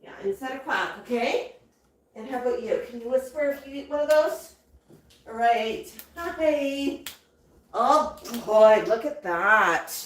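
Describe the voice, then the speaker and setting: A woman hosting a casual livestream, cooing and chatting gently to her pet parrots in between reading viewer comments. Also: sits high, a little slow, recorded from a distance. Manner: coos and talks gently to her birds. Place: indoor room with pet parrots. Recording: very echoey room, voice away from mic, faint noise.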